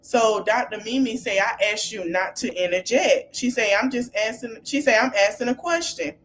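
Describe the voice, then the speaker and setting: Woman host, chatty recap, lively and quick to laugh, faint noise under the voice. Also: fairly high pitch. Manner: animated, laughs often while retelling scenes. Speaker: podcast host. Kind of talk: casual reality TV recap.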